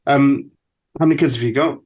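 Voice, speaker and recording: A man in his forties hosting a podcast, asking questions in a thoughtful, halting way. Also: mid-range voice, a little mellow. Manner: thoughtful, halting, many restarts. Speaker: podcast host. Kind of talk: interviewing, casual chat.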